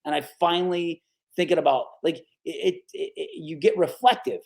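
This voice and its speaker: A gravelly, slightly high voice at a moderate pace belongs to this man in his 40s, a sports broadcaster from upstate New York's Capital Region. As a podcast guest in a relaxed storytelling interview, he's animated, performs quoted voices, and keeps saying "dude" and "right?"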